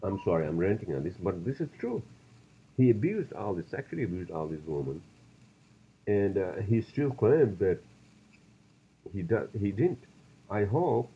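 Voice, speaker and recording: A man's voice: low voice, dark tone, dull audio, a little hiss or hum. A man hosting a solo podcast, talking bluntly and profanely in a loose, ranting way. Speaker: podcast host.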